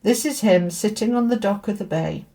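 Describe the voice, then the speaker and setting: Mellow-voiced woman giving a tarot reading. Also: mid-range voice, moderate pace, vocal fry. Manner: chatty, repeats rhetorical questions. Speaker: tarot reader and spiritual teacher. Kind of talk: casual spoken tarot reading.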